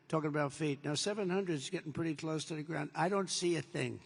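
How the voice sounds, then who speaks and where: A man's voice: on the high side, steady tone, normal speed, vocal fry, few pauses, breathy edge. An older man giving a rambling speech as president, digressing and repeating himself, acting out bits of dialogue in an anecdote. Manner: digressive, repetitive, with acted-out quotes. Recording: long reverb of a large hall.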